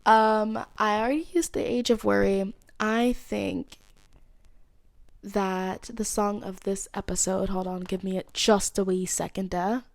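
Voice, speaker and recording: A woman's voice: medium pitch, steady tone, measured pace, gravelly, no echo. Playful young woman podcaster. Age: 20s. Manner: playful, slangy, rambling with laughs. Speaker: podcast host. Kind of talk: casual solo podcast chat.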